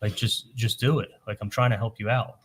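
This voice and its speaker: A man on the witness stand tells his account in a halting way, stumbling over and repeating words as he retells past conversations. His voice sits low, and a faint hiss runs under the recording. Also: fairly even intonation, a bit bright. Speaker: trial witness testifying. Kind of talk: courtroom testimony.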